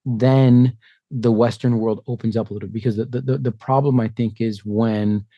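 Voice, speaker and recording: A man in his fifties, a podcast guest telling stories in a lively way and acting out what other people said. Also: medium pitch, normal speed, no echo, highs cut off. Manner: animated storyteller who acts out quoted voices. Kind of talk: conversational interview.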